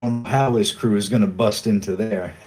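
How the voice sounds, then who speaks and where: A plain-spoken local guide who drawls his words, low in pitch and warm in tone, voiced lightly by a man running the game. He sounds relaxed and down-to-earth. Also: brisk, close to an everyday voice, low-quality recording. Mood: wondering.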